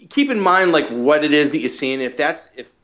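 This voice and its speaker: A man hosting a podcast in casual chat, profane and animated as he tells stories. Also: fairly high pitch, normal speed. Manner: profane, animated storytelling with many restarts. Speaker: podcast host.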